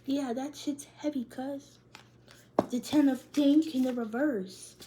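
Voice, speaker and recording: A woman's voice: high-pitched, fairly even intonation, takes it slowly, noisy background. A young woman, doing a casual tarot reading in loose, profane slang and laughing often. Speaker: tarot reader.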